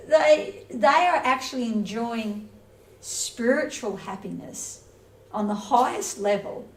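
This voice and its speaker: A woman's voice: fairly high pitch, expressive, takes it slowly, pauses often. A woman giving a casual, conversational lecture on scripture, playfully acting out little everyday scenes. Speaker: spiritual teacher. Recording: roomy echo, from a distance, faint noise.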